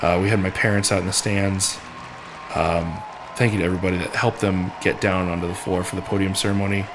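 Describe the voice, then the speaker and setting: Deep-voiced man, choked-up and halting. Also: little pitch movement, a crowd in the background, background noise. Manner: halting, choked up, many fillers and restarts. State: emotional, near tears. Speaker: strongman athlete. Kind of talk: emotional vlog recap.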